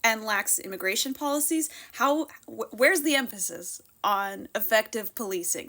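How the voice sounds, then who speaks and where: A woman's voice: medium pitch, moderate pace, few pauses, pushed and bright. A woman from Canada giving scripted political commentary at home, sarcastic and exasperated, close to the mic.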